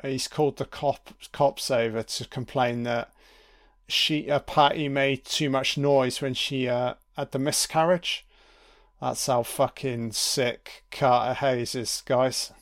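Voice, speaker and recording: A man talking through a film in a loose, sweary, wry way. He takes his time, with plenty of pauses. His voice sits mid-range and sounds clear and smooth. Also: medium pitch, fairly even intonation. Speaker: film commentator. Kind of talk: casual audio commentary over a film.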